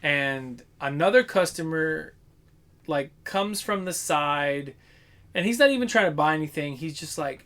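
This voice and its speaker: A man, talking casually with a slightly high voice. He tells work stories in an animated way, swearing freely and acting out the people he quotes. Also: unhurried. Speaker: podcast co-host. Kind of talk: casual chat.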